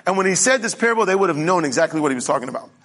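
A man's voice: high-pitched, animated, racing, fairly bright tone. A male pastor preaching a conversational sermon, often checking in with the congregation. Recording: reverberant hall.

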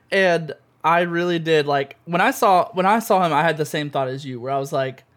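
A man co-hosting a podcast, talking in an excitable, gushing way full of fillers. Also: fairly high pitch, unhurried. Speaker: podcast co-host. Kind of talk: casual chat.

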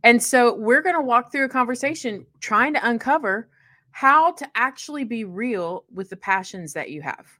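A woman's voice: moderate pace, no room sound. A woman co-hosting a faith podcast in casual, playful chat. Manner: animated, playful, swings in pitch. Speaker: podcast co-host.

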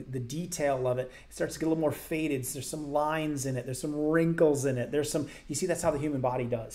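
A man's voice: medium pitch, a little mellow. A man hosting a health question-and-answer show, his voice sitting in an ordinary middle range. He explains things conversationally, circling back to stress his main points. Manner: conversational, explanatory, emphatic repetition. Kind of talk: casual Q&A.

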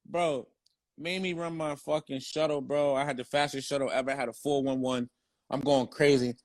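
A man's voice: medium pitch, fairly even intonation, a little fast, no echo. A young man, a former football player, telling his story in casual, slang-heavy, profane talk.

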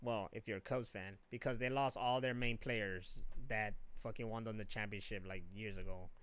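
A man's voice: moderate pace, clear, resonant tone. A man chatting casually on a podcast, telling stories animatedly and swearing freely. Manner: animated storyteller, swears freely, mimics others in high voices. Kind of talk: casual chat.

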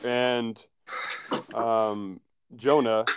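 A man's voice: mid-range voice, little pitch movement, very slow, highs cut off, background noise. A man co-hosting a podcast, explaining things in a laid-back, rambling way. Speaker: podcast co-host. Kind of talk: casual chat.

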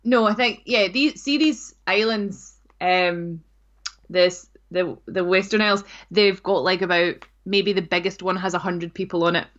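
A woman's voice: lowish voice, unhurried, a bit bright, dull audio. A woman with a Scottish accent, co-hosting a podcast in casual, playful chat full of asides. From Scotland. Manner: chatty and giggly, with playful asides. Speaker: podcast co-host.

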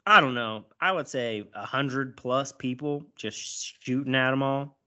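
A man casually recapping a movie, animated and profane, acting out lines as he goes. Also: mid-range voice, a little slow. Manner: animated, swears a lot, acts out lines. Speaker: podcast host recapping a movie. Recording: dull lo-fi sound.

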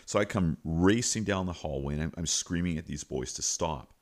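A middle-aged man hosts a teaching podcast and spins a personal anecdote. His voice is low and deep, and he tells the story in a lively, folksy manner with plenty of asides to the listener. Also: normal speed. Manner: animated, folksy retelling with repeated asides.

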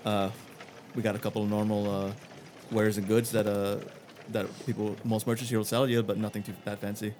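A man's voice: fairly low pitch, level tone, a little mellow, slight background noise, natural voice. A man voicing a blunt male dwarf blacksmith, speaking matter-of-factly with many fillers. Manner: matter-of-fact, halting with fillers.

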